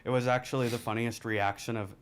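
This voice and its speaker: A man, a podcast guest telling a rambling, candid story and laughing through the dark parts. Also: mid-range voice, steady tone, fast talker, a little hiss or hum. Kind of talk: casual storytelling.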